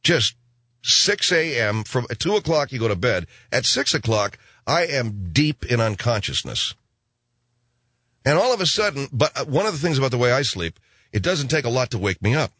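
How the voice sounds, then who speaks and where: On his late-night radio show, a middle-aged man animatedly tells a wandering story, drifting into asides and imitating voices. His mid-range voice keeps a moderate pace. A studio microphone in the radio studio picks him up cleanly, without echo.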